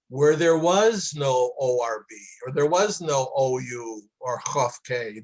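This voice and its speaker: A man's voice: mid-range voice, low-quality recording. A man teaching a class on kosher food, telling anecdotes in a chatty, casual way with many fillers. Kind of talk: casual storytelling lecture.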